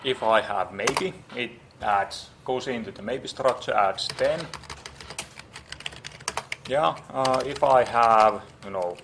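Guy teaching a coding class, gravelly voice, lots of uh's, faint hiss and keyboard clicks behind. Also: mid-range voice, slow. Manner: thinking aloud with many fillers and restarts. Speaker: lecturer. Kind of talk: live programming lecture.

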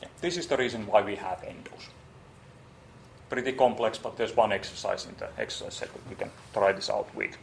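A man's voice: on the low side, brisk, creaky, slight background noise. A man lecturing on programming, typing as he explains and thinking aloud with many fillers and restarts.

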